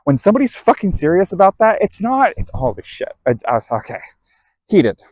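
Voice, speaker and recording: A man's voice: high voice, sing-song, fast, a little mellow, dry recording, poor audio. A man giving a heated, blunt, profanity-laced motivational talk about emotional processing. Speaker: self-help speaker. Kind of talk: motivational monologue.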